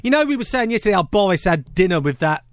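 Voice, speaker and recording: A man's voice: sits high, sing-song, fast talker, no echo. A man hosting breakfast radio, cheeky and teasing in playful banter from a studio.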